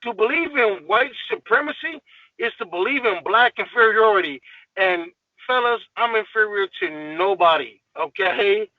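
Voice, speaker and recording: A man's voice: high-pitched, expressive, normal speed, no room sound, phone-quality sound. A man guest on a podcast, ranting in a heated, profane, emphatic way in casual talk.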